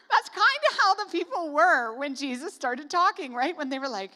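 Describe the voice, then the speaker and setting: A woman from Canada preaches a casual sermon, and her fairly high voice comes out bright. She talks in a chatty way with joking asides and plenty of "like". The sound carries a long echo of a large hall. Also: expressive, normal speed. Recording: reverberant hall.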